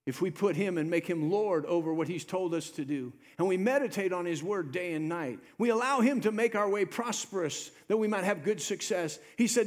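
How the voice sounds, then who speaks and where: High-voiced male pastor preaching. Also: lively intonation, fairly quick, few pauses. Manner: preaching with rising emphatic swells and quiet drops. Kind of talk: sermon.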